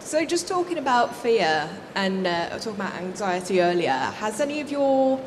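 A woman's voice: medium pitch, big pitch swings, normal speed. A woman in the audience hesitantly asking the speaker a question through a roving microphone. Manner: hesitant, self-conscious questioning. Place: large theatre audience. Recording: roving mic in a reverberant hall with noise.

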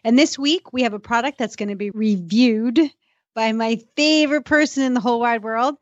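Woman host of a radio chat show, cheerful, teasing, highish voice, dry close mic. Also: normal speed, dry recording, lo-fi sound. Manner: cheerful, teasing, laughs often. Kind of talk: casual radio talk show.

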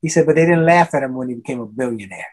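A man's voice: medium pitch, animated, rapid-fire. An older man, a motivational speaker, giving a guest interview in a preachy way, repeating his key phrases for emphasis. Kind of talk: energetic podcast interview.

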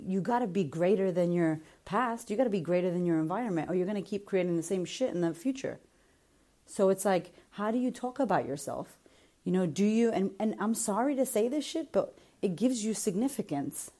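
A woman with a slightly low, mellow voice talks straight to her listeners in a casual motivational monologue. She is blunt and swears freely, coaching like a friend who won't sugarcoat things. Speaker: podcast host and confidence coach.

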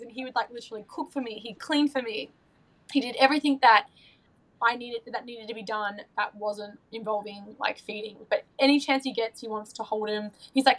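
A woman in her thirties talks in a casual podcast chat, her voice sitting a little high. She gushes and turns emotional, stopping and restarting her sentences with plenty of fillers. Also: steady tone, a little fast, poor audio. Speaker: podcast guest.

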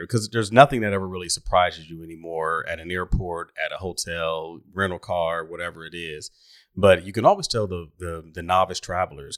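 A man's voice: low-pitched, fairly bright tone. A man hosting a casual podcast chat in an easygoing, teasing way, laughing often.

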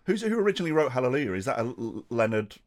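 A man in casual podcast chat, lively and sweary, laughing often and doing mocking impressions. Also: mid-range voice, very fast. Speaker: podcast co-host.

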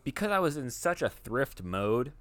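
Laid-back man with a lively voice. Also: medium pitch, no room sound. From United States. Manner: laid-back storyteller, drawn-out comic anecdotes. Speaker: podcast co-host. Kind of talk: casual podcast chat.

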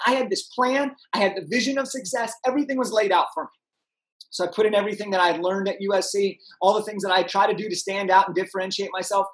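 A young man, a podcast guest, telling an energetic story and acting out the people in it. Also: high voice, low-quality recording. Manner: animated, acts out voices in his anecdotes.

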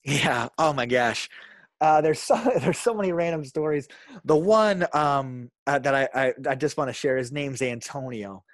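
A male pastor telling stories in a casual interview, acting out quotes with lively energy and frequent laughs. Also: mid-range voice, normal speed, no echo. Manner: animated storyteller, acts out quotes, laughs often. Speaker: pastor and author, podcast guest.

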